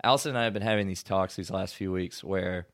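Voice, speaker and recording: A man's voice: sits low, steady tone, quick pace, a bit bright. A young man chatting casually as a podcast co-host, telling a loose, slangy story and laughing often. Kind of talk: casual chat.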